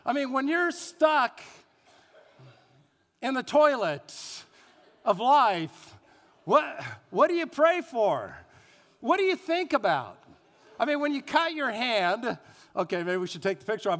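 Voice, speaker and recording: High-voiced preacher in an echoing hall. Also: male voice. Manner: animated preaching with rhetorical questions and call-and-response. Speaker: pastor. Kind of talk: sermon. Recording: long hall reverb.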